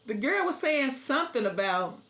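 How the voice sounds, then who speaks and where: Woman, middle-aged, higher-pitched voice, chatty tarot reading, laughs a lot, slips into singing. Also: very animated, normal speed, fairly bright tone. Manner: chatty, laughs often, breaks into song. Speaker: tarot reader. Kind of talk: casual tarot reading to camera.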